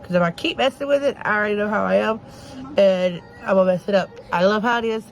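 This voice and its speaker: A woman's voice: medium pitch, fast, creaky, muffled recording. Chatty woman doing makeup. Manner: chatty, talks straight to viewers while doing makeup. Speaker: makeup vlogger. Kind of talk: casual get-ready-with-me chat. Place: home, children around.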